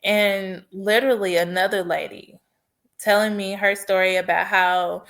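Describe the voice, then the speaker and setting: A woman's voice: medium pitch, steady tone, a little slow, fairly bright tone. A woman podcast host telling a personal story in an earnest, heartfelt way and offering faith-based encouragement. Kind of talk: personal testimony monologue.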